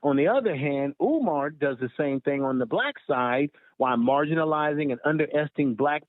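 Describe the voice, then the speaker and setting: A man's voice: on the high side, fairly quick, no echo. Earnest male caller over a tinny phone line. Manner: earnest, emphatic, preachy. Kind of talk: phone-in comment.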